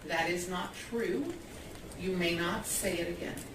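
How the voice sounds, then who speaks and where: A woman's voice: on the low side, a little slow. A woman serving as judge, firmly instructing a witness in court. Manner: firm, stern. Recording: echoey courtroom, distant mic, noisy.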